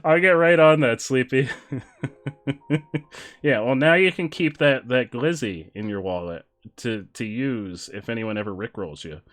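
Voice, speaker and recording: A male streamer with a mid-range, fairly bright voice chats casually with viewers while gaming, speaking a little slowly. He jokes, laughs often and reads chat aloud.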